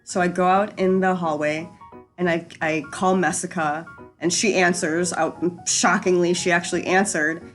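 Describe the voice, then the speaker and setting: A woman's voice: lowish voice, fairly even intonation, normal speed, faint music behind. A young adult woman hosting a casual storytime chat, rambling and frank, with lots of fillers and easy swearing. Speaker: storyteller host.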